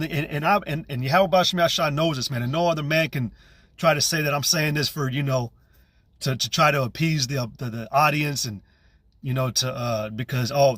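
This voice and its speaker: A man with a slightly high voice shares his religious testimony in a raw, casual way. He halts and restarts his sentences often and leans on slang as he talks. The recording is close and dry, with no room sound. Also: fairly bright tone, no echo. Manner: earnest, halting, with frequent restarts and slang. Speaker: believer giving religious testimony.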